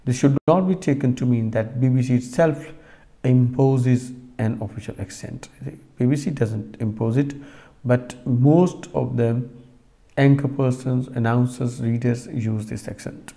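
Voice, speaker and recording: A man with a warm, mid-range voice delivers a recorded lecture. He explains slowly, speaks right to the class, and keeps using fillers and restarting his sentences.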